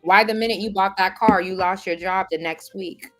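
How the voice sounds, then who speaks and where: A woman's voice: mid-range voice, fairly even intonation, normal speed. Emphatic woman preaching over faint music. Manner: direct, streetwise address to listeners. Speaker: spiritual life coach. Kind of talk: spiritual motivational talk.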